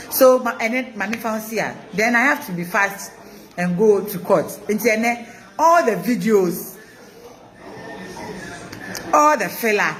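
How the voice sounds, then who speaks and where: A Ghanaian woman hosting a live stream, mixing Twi and English, reading viewer comments in an animated, chanting way. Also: medium pitch, takes it slowly, long pauses. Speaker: host of an online news channel.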